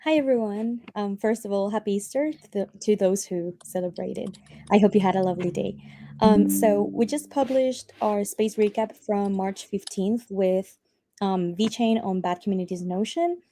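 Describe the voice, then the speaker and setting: A woman with a Spanish accent and Spanish as her first language, giving a community call update with frequent pauses and ums. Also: medium pitch. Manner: soft-spoken with frequent ums. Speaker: community team member.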